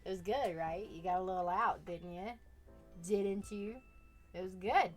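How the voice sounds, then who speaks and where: A woman chats with her stream audience in a relaxed, unhurried way. She teases her viewers playfully and breaks into laughter often. Soft music plays faintly in the background. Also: on the low side. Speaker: artist live-streaming and chatting with viewers. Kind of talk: casual live-stream chat.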